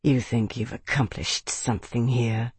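A man's voice: mid-range voice, expressive, moderate pace, breathy edge, no echo. A man reading an audiobook, voicing a cold, hostile female agent who speaks in clipped threats. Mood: quietly menacing.

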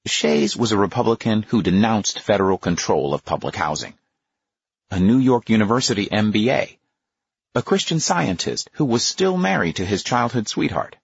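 A man with a husky voice giving a measured, expressive nonfiction audiobook narration. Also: lowish voice, no echo, highs cut off.

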